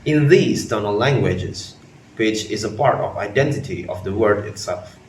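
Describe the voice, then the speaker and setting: A man with a lowish voice walks through a linguistics topic in a steady, explanatory way. He sounds a little distant from the mic, in a roomy space. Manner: measured explanatory delivery. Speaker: student presenter. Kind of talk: class presentation. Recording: roomy, from a distance, faint noise.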